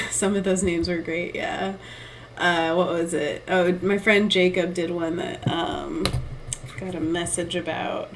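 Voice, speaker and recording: A woman's voice: lowish voice, fairly even intonation, slow, a little hiss or hum, low-quality recording. A young woman artist streaming live, thinking aloud and reading chat in a giggly, self-deprecating way. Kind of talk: casual live-stream chat while painting.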